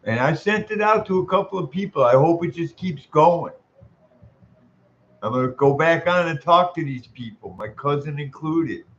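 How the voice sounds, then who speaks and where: A frustrated man rants straight to the camera, swearing constantly and circling back to the same complaints. His voice sits a bit high. The recording sounds muffled and lo-fi. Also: lively intonation, moderate pace, a bit bright. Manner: profane, exasperated ranting. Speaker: vlogger. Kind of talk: angry venting monologue.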